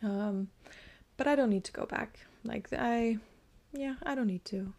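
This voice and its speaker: Reflective pregnant woman with gravelly voice. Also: fairly high pitch, measured pace, darkish tone. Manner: emotional, reflective, many fillers. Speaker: podcast host. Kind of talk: personal storytelling monologue.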